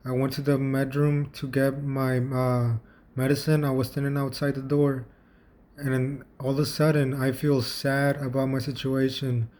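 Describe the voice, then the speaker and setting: A man recounts a personal story for his vlog, casual and halting, with many restarts and repeated words. His mid-range voice stays level and leans a bit dark.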